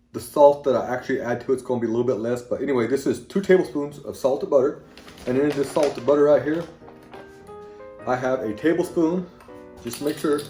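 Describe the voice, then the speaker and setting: A plain-talking man with a Southern accent hosts his own home cooking video, rambling folksily as he mixes ingredients. His voice sits in an ordinary middle pitch. The kitchen sounds echoey, with faint music playing underneath. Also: dark tone. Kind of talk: casual cooking demonstration.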